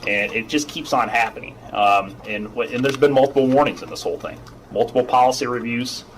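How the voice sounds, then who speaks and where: A middle-aged man, an HR manager, giving formal testimony at a hearing in a measured, explanatory way, often repeating himself. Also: medium pitch, slight background noise, rough recording.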